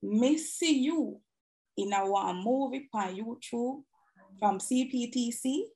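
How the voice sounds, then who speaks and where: A woman with a Jamaican accent asking questions in a casual interview, reacting with quick exclamations. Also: fairly high pitch, mellow.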